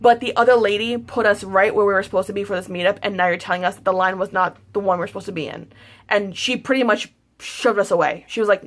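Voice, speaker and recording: A woman's voice: medium pitch, fairly even intonation, quick pace. Woman beauty vlogger, casual storytime rant; frustrated, rambling, swears often. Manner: venting, frustrated, swears freely; repeats words, rambling with restarts.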